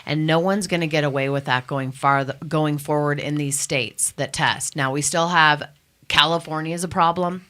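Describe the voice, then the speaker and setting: A woman's voice: low-pitched, fairly even intonation, normal speed, bright, forceful tone. A woman who runs a cannabis testing lab, speaking emphatically and with indignation as a guest on a radio talk show. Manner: emphatic, indignant, storytelling with quoted voices. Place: radio studio.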